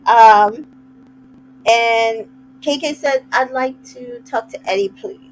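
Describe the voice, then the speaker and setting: A woman's voice: on the high side, slow pace, poor audio. A woman casually recapping a reality show, chatty and retelling scenes with little quoted asides. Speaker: recap host.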